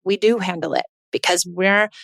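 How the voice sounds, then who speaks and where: A woman's voice: lowish voice, fairly even intonation, moderate pace, creaky, a bit bright, no echo, studio quality. A woman, hosting a parenting podcast in an earnest, emphatic monologue that keeps repeating her points.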